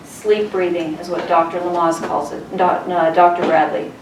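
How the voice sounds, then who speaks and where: A woman's voice: on the low side, fairly even intonation, moderate pace, hardly any pauses. A middle-aged woman teaching a childbirth class, telling stories and putting questions to her students. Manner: storytelling, asks the class questions. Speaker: childbirth educator. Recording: roomy, distant, faint room noise.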